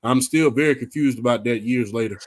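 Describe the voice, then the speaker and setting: A man's voice: medium pitch, fairly quick, no echo. A man talks basketball with his friends in a loose, easygoing way. He laughs often and stretches words out for emphasis. His voice sits close and dry on the mic. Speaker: podcast co-host. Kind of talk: casual sports chat.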